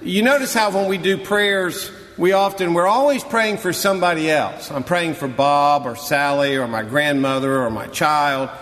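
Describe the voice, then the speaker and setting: A man preaching a sermon as a pastor, dramatic and emphatic, dropping to hushed tones and rising to loud cries. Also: fairly high pitch, moderate pace, hardly any pauses, long reverb tail.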